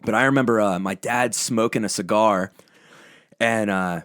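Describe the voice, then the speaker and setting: A man's voice: on the low side, moderate pace, fairly bright tone, clear, resonant tone, dry recording, clean studio sound. A young man, a podcast guest, talking bluntly and intensely in casual conversation, swearing heavily as he tells personal stories. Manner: blunt, heavy swearing, intense emotional storytelling. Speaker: podcast guest, band lead singer.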